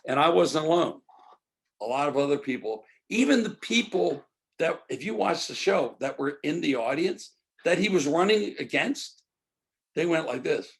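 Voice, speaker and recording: A man's voice: fairly high pitch, sing-song, unhurried, vocal fry. An older man, a guest in an interview, telling stories animatedly and acting out quoted dialogue. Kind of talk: storytelling interview.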